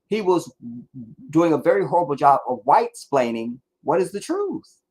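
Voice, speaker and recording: Male streamer, casual commentary, profane, rambling rant, slightly high voice. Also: sing-song, moderate pace, a little mellow, husky. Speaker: livestream host.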